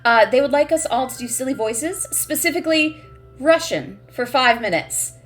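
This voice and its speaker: A woman running a tabletop role-playing game as game master, lively and halting with fillers when explaining rules. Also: high voice.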